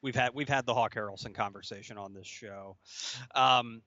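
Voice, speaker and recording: A man's voice: medium pitch, moderate pace, bright, forceful tone, no room sound, muffled recording. A man hosting a podcast in casual chat, rambling and laughing often. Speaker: podcast host.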